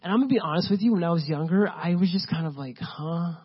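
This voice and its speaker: A man delivers a sermon in a relaxed, chatty manner, peppering his points with fillers. His voice sits a little high and has a husky edge. The recording sounds dull and lo-fi. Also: rapid-fire. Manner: casual, conversational preaching with many fillers. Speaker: pastor.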